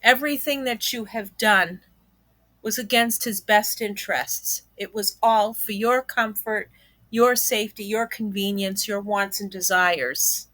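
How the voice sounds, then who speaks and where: A woman's voice: mid-range voice, a little slow, fairly bright tone, no echo. A woman giving reaction commentary on a YouTube channel, blunt and indignant, swearing freely.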